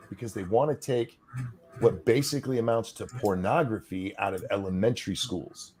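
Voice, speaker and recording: A man's voice: on the low side, normal speed, a little mellow, breathy edge. A man co-hosting a podcast, ranting in a heated, sarcastic, profane way. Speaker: podcast co-host. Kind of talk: casual podcast rant.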